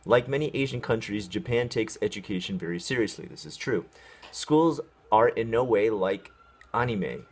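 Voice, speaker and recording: In this laid-back vlog, a man from the United States rants with mocking sarcasm about an article he's reacting to. He speaks at a moderate pace in a fairly low, expressive voice with a breathy edge, stopping and restarting often with plenty of ums.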